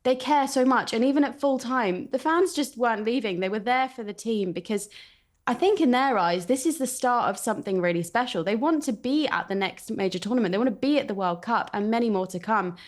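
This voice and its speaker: A woman's voice: a little high, a little fast. A woman, a football reporter giving earnest, enthusiastic analysis in a casual chat.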